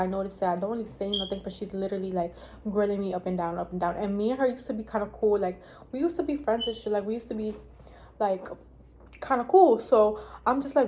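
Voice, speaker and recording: A woman's voice: medium pitch, quick pace, mellow, slight background noise. A young woman telling a casual storytime vlog, rambling and swearing, with lots of "like". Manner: rambling, profane, heavy use of "like". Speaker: vlogger.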